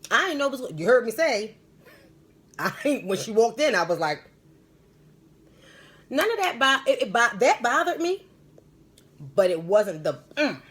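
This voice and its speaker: A woman's voice: on the high side, sing-song, a little slow, long pauses, breathy edge. A woman hosting a live stream as a spiritual medium, telling stories and giving advice in a rambling, emphatic, slangy way.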